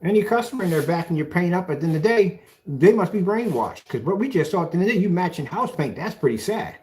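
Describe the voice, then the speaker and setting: Man, sarcastic callout rant, taunting, lively swooping pitch. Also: fast talker. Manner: mocking, sarcastic, repeats phrases to taunt. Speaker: video blogger. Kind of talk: ranting callout video.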